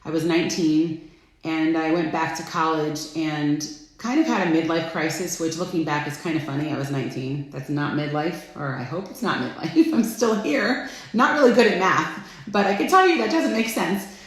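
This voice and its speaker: A middle-aged woman hosting a casual live stream, chatty and friendly, greeting viewers by name with bursts of excitement. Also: deep voice, moderate pace. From Florida. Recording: echoey room.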